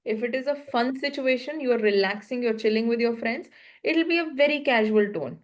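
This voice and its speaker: A woman's voice: a little high, a little fast, slight background noise. Woman coaching with patient explanations. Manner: explains patiently in short repeated phrases. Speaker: English speaking coach. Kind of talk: one-on-one coaching session.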